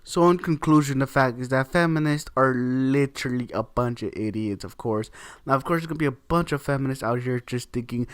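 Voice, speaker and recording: A man's voice: mid-range voice, steady tone, moderate pace, dry recording. A man ranting to camera in a heated, repetitive way, swearing often and leaning on the same words again and again. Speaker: video creator. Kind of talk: opinion rant to camera.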